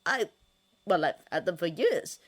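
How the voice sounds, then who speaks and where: A woman reading a fanfiction story, voicing a smooth-talking older male ruler who is patient and condescending. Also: on the low side, animated, moderate pace. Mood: evasive.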